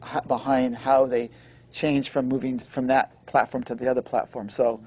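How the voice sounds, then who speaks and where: A man being interviewed, telling a story in an animated way and acting out the dialogue. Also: mid-range voice, slightly rough. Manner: fast, excitable, acts out the dialogue. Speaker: guest recording engineer.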